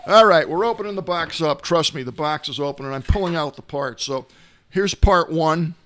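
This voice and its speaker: A man's voice: on the high side, normal speed, a bit bright, slight background noise. A middle-aged man hosting a tech gadget show from home, talking in a folksy, rambling way with many filler uhs. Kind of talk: casual tech gadget talk. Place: home, not in the studio.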